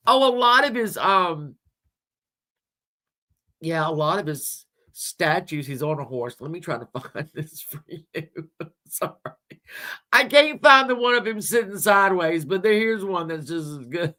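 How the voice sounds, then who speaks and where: A livestream host chats casually with viewers about history, rambling, chuckling and tossing in crude asides while searching images on screen. Her fairly low voice is expressive, bright and forceful, with a measured pace and long pauses.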